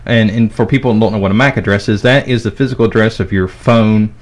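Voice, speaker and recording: A man's voice: lowish voice, steady tone, fast. A man co-hosting a podcast and explaining tech step by step in casual chat. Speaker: podcast co-host.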